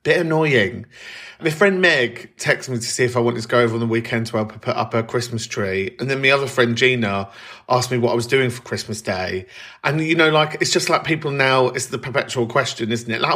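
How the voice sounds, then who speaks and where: A man's voice: medium pitch, brisk, sharp tone. A man hosting a comedy podcast in a casual monologue, chatty, playful and sweary. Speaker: podcast host.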